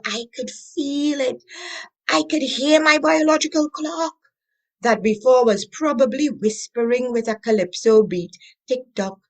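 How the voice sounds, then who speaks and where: A woman, a coach and interview guest, telling her story in an animated, expressive way. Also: high-pitched.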